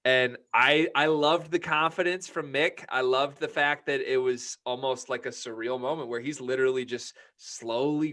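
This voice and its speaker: A man's voice: a little high, sharp tone. A young man co-hosting a casual sports podcast, talking in a fired-up, profane ranting manner. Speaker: podcast co-host.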